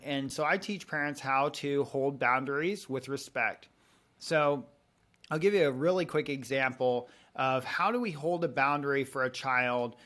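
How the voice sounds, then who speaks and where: A man in his thirties talks through a parenting method on a podcast with a middle-of-the-road voice. He is earnest and lays out his steps clearly. He often slips into short acted examples of a parent talking to a child. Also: medium pitch, a bit bright. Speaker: parenting coach guest. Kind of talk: podcast interview conversation.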